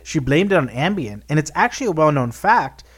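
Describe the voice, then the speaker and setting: A man co-hosting a podcast, chatting casually with wry asides and halting, self-correcting explanations. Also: a little high, sing-song, husky. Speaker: podcast co-host. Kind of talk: casual chat.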